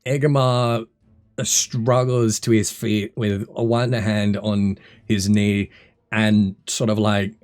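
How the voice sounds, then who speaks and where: A man's voice: on the low side, slow pace, soft background music. A man narrating combat as game master of a tabletop game, easygoing and full of filler words. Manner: relaxed, many fillers and restarts while narrating combat.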